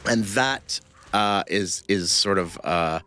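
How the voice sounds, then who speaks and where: A man with a very low voice tells a personal story in casual conversation. He talks haltingly, full of ums and restarts, and keeps circling back to finish his thoughts. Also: bright, forceful tone, smooth. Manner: halting, many fillers and restarts. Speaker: interview guest.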